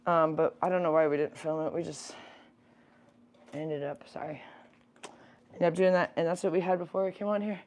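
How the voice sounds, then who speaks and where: A woman's voice: low-pitched, steady tone, moderate pace, pauses often, a little mellow, a little hiss or hum. A young adult woman co-hosting a livestream from home, chatting in a rambling way with many fillers. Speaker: livestream co-host. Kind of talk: casual chat.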